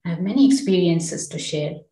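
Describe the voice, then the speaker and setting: A woman meditation teacher and center director giving a spiritual talk, telling personal stories in a calm, unhurried way. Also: fairly low pitch. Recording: roomy sound from a distant mic.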